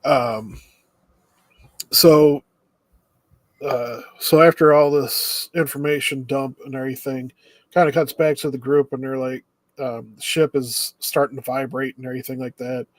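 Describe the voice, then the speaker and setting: A man co-hosting a podcast in casual chat, recapping the plot in a steady, easygoing way. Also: medium pitch, measured pace, no echo. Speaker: podcast co-host.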